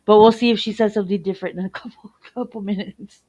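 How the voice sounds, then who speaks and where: A woman's voice: mid-range voice, fairly even intonation, fast, mellow. A woman co-hosting a casual reaction chat. She talks bluntly in slang and reads viewer comments aloud. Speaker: commentary host.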